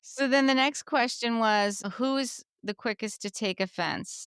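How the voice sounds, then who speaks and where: Smooth-voiced woman chatting on a podcast. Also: a little high, unhurried, a bit bright, no room sound, studio quality. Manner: chatty, recounting scenes with emphatic reactions. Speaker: podcast co-host recapping a reality show. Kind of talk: casual chat.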